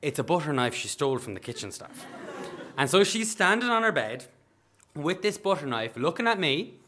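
Man, nurse storyteller, animated, acts out voices, bright forceful tone, fairly high voice. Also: moderate pace, a little hiss or hum. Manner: animated, acts out voices, bursts of shouting and laughter. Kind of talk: live storytelling.

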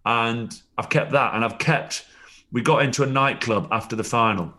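A man's voice: mid-range voice, moderate pace, bright, forceful tone. A man, a former rugby player, telling rambling anecdotes with chuckles and frequent restarts in a casual interview.

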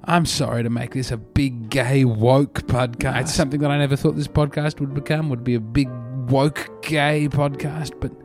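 A man's voice: mid-range voice, steady tone, normal speed, hardly any pauses, darkish tone, soft background music. An Australian man hosting a comedy podcast, telling meandering stories in a dry, self-mocking way. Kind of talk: rambling comedic podcast monologue.

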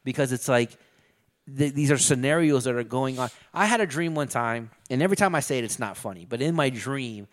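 A man's voice: medium pitch, brisk. Middle-aged guy rambling thru a story, swears a lot, lots of likes and you knows. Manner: loose, profane storytelling with many fillers. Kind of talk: casual chat.

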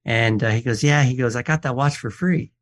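This man speaks in a mid-range voice at a slightly quick clip. As a guest on a casual radio program, the watch appraiser spins lively tales, voicing the people involved, quoting their lines, and restarting himself frequently.

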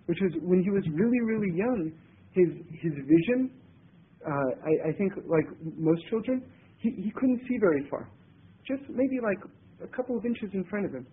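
Male religious teacher, high husky voice, halting and repetitive delivery, tinny lo-fi recording. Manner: halting, repeats words and restarts. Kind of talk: spiritual talk with personal stories. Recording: tinny phone-like sound.

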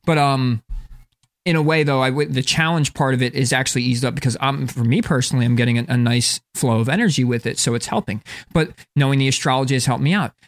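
A man's voice: mid-range voice, fast. A man from northern New Jersey, co-hosting a podcast in casual chat, rambling with lots of "like", restarts and swearing. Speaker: podcast co-host.

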